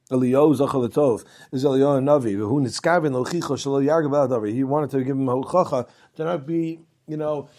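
Mellow-voiced man teaching a Talmud class. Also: mid-range voice. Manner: reads Aramaic passages then explains them in casual English; conversational, with restarts and asides. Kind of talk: Talmud class, reading text and translating.

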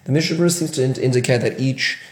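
A man with a medium-pitched, rapid-fire voice teaches a Q&A-style halachic lesson on Jewish law, recorded with a roomy sound. He works through questions and answers, frequently restarting sentences and using fillers.

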